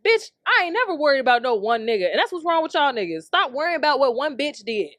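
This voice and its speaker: A woman's voice: sits high, sing-song, a little fast, a bit bright, dry recording, clean studio sound. A young adult woman hosting a podcast, delivering a heated, profanity-packed comedic rant with frequent laughter. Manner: brash, heated, swears constantly, laughs often. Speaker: podcast host.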